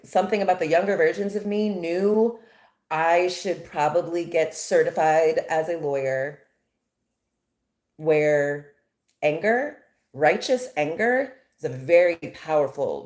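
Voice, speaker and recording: American woman, lowish voice, emphatic, indignant, roomy echo. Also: expressive, measured pace, a little mellow. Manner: emphatic, indignant, rhetorical questions. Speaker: commentator. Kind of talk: impassioned monologue.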